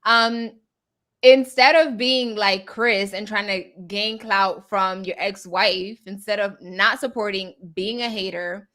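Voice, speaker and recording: A woman's voice: mid-range voice, steady tone, slow pace, sharp tone. A woman co-hosting a casual podcast, chatty and opinionated, who laughs easily. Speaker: podcast co-host. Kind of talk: casual chat.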